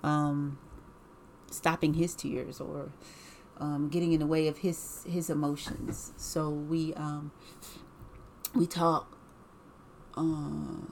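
A woman's voice: sits low, flat delivery, slow pace, creaky, pauses often, darkish tone, a little hiss or hum. A woman telling a personal story in a casual, rambling way, with many fillers, restarts and repeated words.

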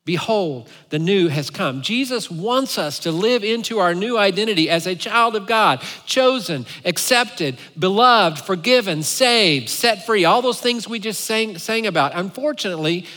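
With hardly any pauses and a normal speed, a male pastor tells playful, animated stories in his sermon. The high, bright, forceful voice fills the church sanctuary, followed by a long hall echo.

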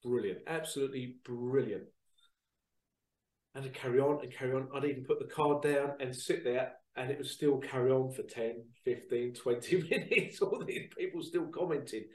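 A man hosting a show, talking casually to viewers in a chatty, animated storytelling way that repeats phrases. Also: medium pitch, normal speed, far from the mic. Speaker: psychic reader and show host. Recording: roomy sound, away from the mic.

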